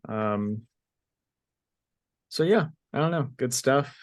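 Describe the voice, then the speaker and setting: A man co-hosting a podcast, chatting casually about comic books in a relaxed, unhurried way with frequent fillers. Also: medium pitch, no room sound. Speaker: podcast co-host. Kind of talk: casual comic book review chat.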